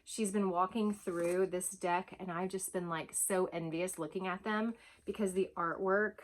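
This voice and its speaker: A woman chatting casually as she unboxes a gift at home, gushing, breathy and often dropping to soft whispers. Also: fairly low pitch, steady tone, slow pace, a little hiss or hum. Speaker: vlogger unboxing a gift box.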